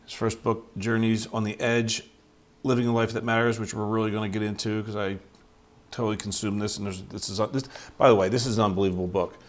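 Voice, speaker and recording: A man's voice: lowish voice, flat delivery, fast talker. Chatty enthusiastic male podcast host. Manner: enthusiastic, chatty, many fillers. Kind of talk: casual podcast interview.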